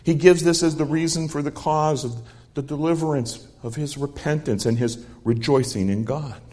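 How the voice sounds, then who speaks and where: A man's voice: a little high, fairly even intonation, moderate pace, a little mellow. A middle-aged man preaching a sermon, expounding a psalm verse by verse and telling stories from his own life in an earnest way. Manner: earnest storytelling with quoted dialogue.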